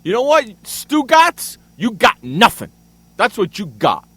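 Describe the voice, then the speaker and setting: A man hosting a sports radio show, ranting angrily and loudly with plenty of profanity. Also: high-pitched, wildly swooping pitch, a little slow, breathy edge, dry recording. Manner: loud, angry, profane ranting. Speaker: radio host. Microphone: studio microphone.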